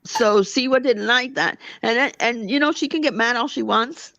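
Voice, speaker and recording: A woman on a livestream, ranting with a heated, gossipy edge in a fairly high voice. Her sound is dull and lo-fi, dry with no room echo. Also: normal speed, gravelly, fairly bright tone. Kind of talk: casual livestream chat.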